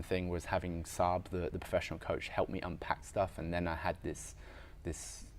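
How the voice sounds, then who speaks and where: This is a very deep-voiced man telling his story as a podcast guest. He speaks frankly and reflectively. His talk is casual and full of fillers, with the odd swear word. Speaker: podcast guest, weightlifter and strength coach. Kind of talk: candid conversational storytelling.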